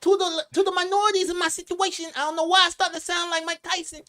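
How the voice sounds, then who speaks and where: A man putting on a pompous businessman with a high, lisping boxer-like voice and a stiff, mock-formal delivery. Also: level tone, fast talker, bright, forceful tone. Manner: stiff mock-formal phrasing in a squeaky, strained voice.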